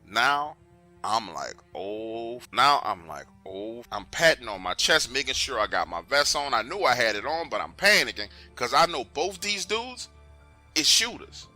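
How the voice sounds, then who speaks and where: A man's voice: mid-range voice, big pitch swings, moderate pace, pushed and bright, soft background music. A man narrating a true story in an emphatic, conversational way, often urging the listener to pay attention.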